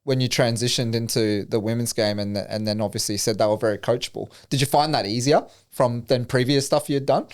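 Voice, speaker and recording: A man's voice: mid-range voice, fairly even intonation, a little fast, hardly any pauses. A man hosting a casual interview, asking long, rambling questions full of fillers. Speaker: podcast host.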